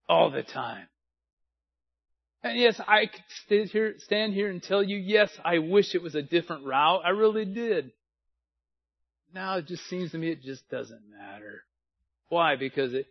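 A pastor in his sixties delivers a sermon in a high, light male voice, talking earnestly in plain, folksy phrases. The sound is dull and lo-fi, with the top end muffled. He speaks to his congregation directly. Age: 60s.

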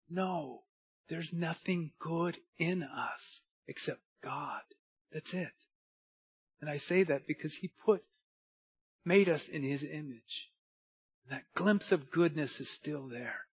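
A man preaching a sermon, dropping to a near hush and then rising to loud emphatic lines. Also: fairly high pitch, slow pace, long pauses, husky. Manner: preaching with wide swings from hushed to emphatic. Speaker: pastor. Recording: dull lo-fi sound.

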